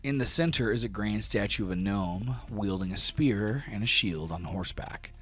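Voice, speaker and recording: A man's voice: on the low side, normal speed, fairly bright tone. A man narrating a tabletop game as game master, descriptive and casual, with many fillers. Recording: faint music behind.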